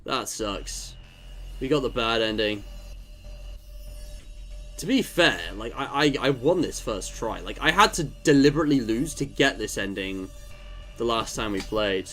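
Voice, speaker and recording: Lively male game streamer. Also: medium pitch, a little slow, long pauses, faint music behind. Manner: animated, swears and groans at the game. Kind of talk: live gameplay commentary.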